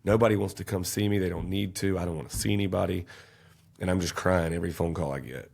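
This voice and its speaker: A man's voice: low voice, fairly even intonation, fast, vocal fry, a little mellow. A man, telling an intense, emotional personal story as a podcast guest. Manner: intense, emotional storytelling, raising his voice at peaks.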